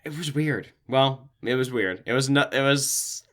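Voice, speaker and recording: A man co-hosting a podcast, chatting casually about a movie, self-deprecating and quick to laugh. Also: mid-range voice, background noise. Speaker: podcast co-host.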